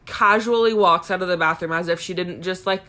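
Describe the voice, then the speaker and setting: A woman's voice: lowish voice, a little fast, pushed and bright. A woman co-hosting a podcast, telling a long story casually with blunt, frequent swearing. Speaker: podcast co-host. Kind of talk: casual chat.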